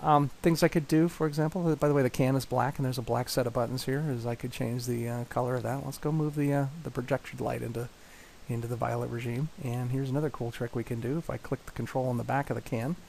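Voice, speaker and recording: A man explaining a software demo in a casual walkthrough, with frequent fillers and restarts. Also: mid-range voice, steady tone, fast, creaky, a little hiss or hum. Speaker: product demonstrator.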